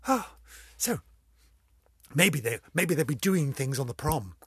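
A woman's voice: deep voice, expressive, measured pace, husky, dry recording, clean studio sound. An older woman hosting a casual vlog, telling corny jokes and giggling at them herself. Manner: giggly, laughs at her own jokes, self-mocking. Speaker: vlog host.

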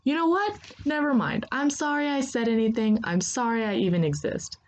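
A woman's voice: medium pitch, lively intonation, brisk, a little mellow, close to an everyday voice. A woman voicing a prickly, sarcastic nonhuman crewmember, raising her voice into snappy retorts. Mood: exasperated.

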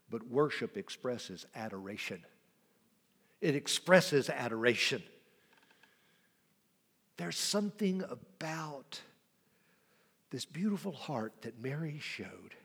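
A man preaching a sermon as pastor, swinging between loud cries and soft whispers, with a gravelly voice. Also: mid-range voice, in a large hall.

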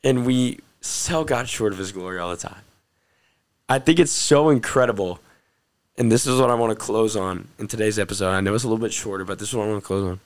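A man's voice: fairly low pitch, fast talker. Earnest young man sharing a testimony. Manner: earnest and excited, with bursts of laughter. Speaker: podcast host. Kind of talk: personal faith testimony.

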